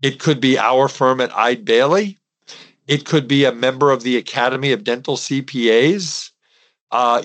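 A middle-aged man speaking on his own podcast, with a voice of ordinary pitch for a man. He lectures in an emphatic, soapbox way and talks straight to his listeners. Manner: emphatic, preachy, addresses listeners directly. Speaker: podcast host and dental CPA. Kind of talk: podcast monologue.

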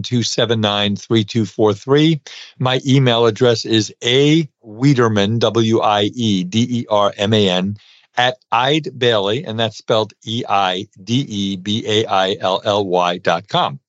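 A man's voice: on the low side, measured pace, no echo, highs cut off. A middle-aged man with a New York accent hosting a podcast, chatting casually with many fillers. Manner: chatty, many uh fillers, warm thank-yous. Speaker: podcast host, dental CPA.

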